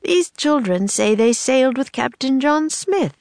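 A woman's voice: sits high, lively intonation, unhurried, creaky, a little mellow, no echo, pitched above the performer's own voice, heavily acted. A friendly colonial governor who speaks in courteous, old-fashioned phrases, as a woman puts him on. Recorded dry and close, like a storybook reading.

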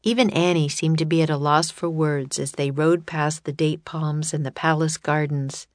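A woman reading a children's chapter book aloud as narrator, calm and measured. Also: sits low, no echo, clean studio sound. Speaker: audiobook narrator. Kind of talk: scripted narration.

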